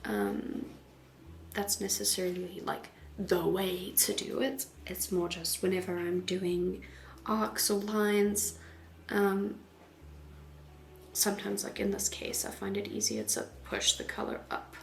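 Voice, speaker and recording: A woman tattoo artist giving casual, rambling voice-over commentary, often soft and half-whispered, with giggles. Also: fairly low pitch, expressive, slow pace, gravelly, slight background noise.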